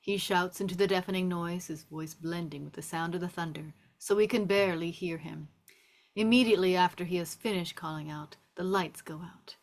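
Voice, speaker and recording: A woman reading the stage directions in a table read, with steady, descriptive narration. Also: fairly low pitch, fairly quick.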